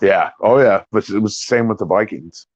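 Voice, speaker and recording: A middle-aged man from the States talks casually as the host of a livestream, rambling and swearing freely. His voice sits low, and the sound is dry and a little dull, like lo-fi stream audio. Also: moderate pace, no echo. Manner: loose, profane, rambling. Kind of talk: casual chat.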